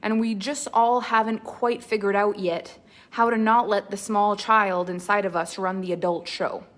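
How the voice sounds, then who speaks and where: A woman's voice: mid-range voice, steady tone, normal speed, a bit bright. A woman mentor leading a live online training, greeting viewers by name and then teaching earnestly with lots of repetition. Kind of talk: live-stream coaching talk.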